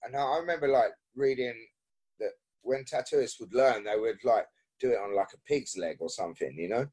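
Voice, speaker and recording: A man chatting as a podcast guest, his voice a little husky and breathy. He rambles loosely with plenty of restarts and casual swearing. His pitch sits in an ordinary middle range for a man. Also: normal speed, darkish tone. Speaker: podcast guest, BMX rider.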